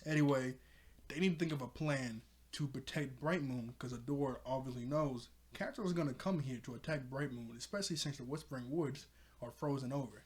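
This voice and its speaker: A man's voice: mid-range voice, brisk. A man giving a casual, chatty episode recap, filling his talk with "like" and laughing often. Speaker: TV episode reviewer.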